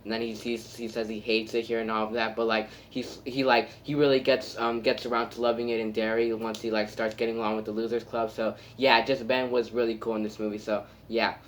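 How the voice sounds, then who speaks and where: A man's voice: fairly low pitch, level tone, brisk, hardly any pauses, slight background noise. A man giving a casual spoken movie review, rambling and enthusiastic, full of filler words and restarts.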